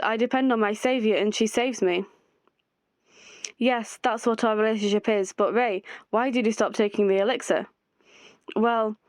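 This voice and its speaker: A woman's voice: on the high side, darkish tone, no room sound. A woman playing through a story game, reading all the characters' lines aloud herself and adding her own comments. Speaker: gamer reading a visual novel aloud. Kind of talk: playthrough narration voicing every character.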